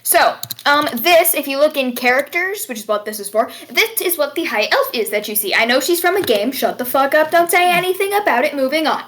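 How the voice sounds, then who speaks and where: A woman's voice: high-pitched, lively intonation, fairly quick, few pauses, a bit bright, slight background noise. A woman narrating as game master of a tabletop game, laughing often and swearing casually.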